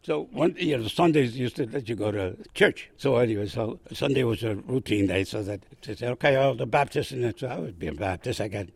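An older man from Puerto Rico tells his stories in a rambling, animated way. His voice is gravelly and a little husky, and it swings widely in pitch. The sound is dry and close. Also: fairly quick, hardly any pauses, no room sound. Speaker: veteran guest. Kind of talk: casual storytelling.

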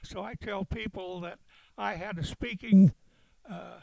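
An older man, a veteran, recalling events in a halting storytelling way with chuckles. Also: sits high, steady tone, creaky, warm tone, no room sound, low-quality recording. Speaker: veteran interviewee. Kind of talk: oral history recollection.

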